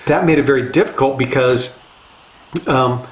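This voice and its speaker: A man's voice: mid-range voice, moderate pace, reverberant. An older man, a life coach, giving an earnest motivational talk in a casual, conversational way and repeating phrases for emphasis.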